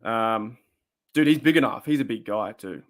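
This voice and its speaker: A man's voice: lowish voice, moderate pace. An Australian man hosting a casual fan livestream, rambling and reading out viewer comments as he goes. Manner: chatty, rambling, reads out chat comments. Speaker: fan show host.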